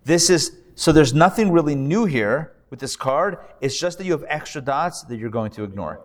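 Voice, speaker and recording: With lively intonation and a fairly high pitch, the man talks at normal speed as he teaches Hebrew reading. He's a rabbi patiently drilling pronunciations with students in a classroom hall full of a live audience, captured in a reverberant recording.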